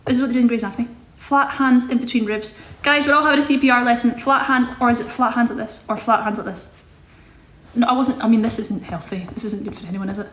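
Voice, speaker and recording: A woman's voice: fairly high pitch, fast, fairly bright tone, a little hiss or hum. A woman in her twenties from Scotland, chatting casually on a livestream as host, rambling and correcting herself as she reads comments. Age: 20s. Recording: echoey room.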